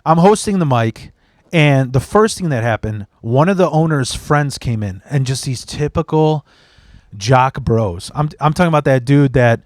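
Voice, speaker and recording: A man's voice: medium pitch, expressive, normal speed, no room sound, studio quality. A young man hosting a podcast, telling a story in blunt, profane, casual chat and slipping into mimicry of other people. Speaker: podcast host.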